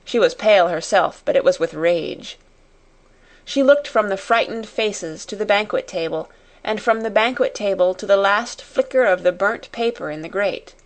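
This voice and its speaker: A woman with a mid-range voice reads a novel chapter aloud as an audiobook narrator. Her scripted delivery is steady and measured, like careful storytelling.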